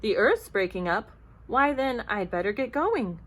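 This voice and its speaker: A woman's voice: high voice, expressive, measured pace, fairly bright tone, voice pushed up. A woman voicing a sleepy, confused male bear in a storybook, asking what is going on. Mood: puzzled. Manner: drowsy questions turning anxious.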